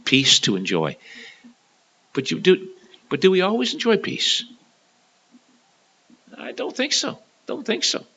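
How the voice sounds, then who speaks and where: Guy preaching, bright forceful voice, goes loud then real quiet, repeats himself a lot. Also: sits high, wildly swooping pitch, a little slow, pauses often, husky, poor audio. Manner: dramatic, swings from loud to hushed; repeats and restarts words often. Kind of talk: sermon.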